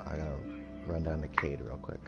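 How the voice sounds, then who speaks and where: Man, very low voice, mumbly gamer, dull lo-fi mic. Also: steady tone, fairly quick, music in the background. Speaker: gamer on voice chat. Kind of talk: casual gaming chat.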